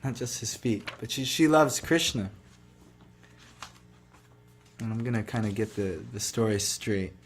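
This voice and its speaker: A man's voice: lowish voice, lively intonation, unhurried, long pauses. A man giving a devotional talk, retelling a sacred story in a loose, conversational way full of "like" and "you know". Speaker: devotional speaker.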